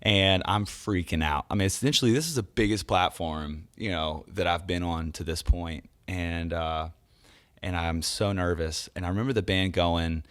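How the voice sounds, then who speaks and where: A man from the US South, a worship songwriter guest in an interview, telling a story in an animated way, acting out what others said and laughing often. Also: deep voice, moderate pace, smooth. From Charleston, US South.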